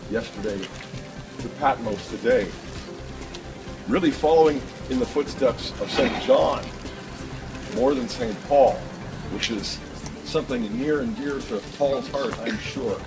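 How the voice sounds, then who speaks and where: A man giving a measured, reflective homily during a pilgrimage. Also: medium pitch. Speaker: pilgrimage speaker. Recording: distant voice with loud music.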